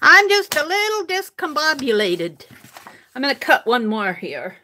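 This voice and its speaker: A woman's voice: sits high, sing-song, measured pace, sharp tone, a little hiss or hum. An older woman live-streaming her crafting, chatting casually, reading viewers' comments aloud and laughing often. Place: home craft room.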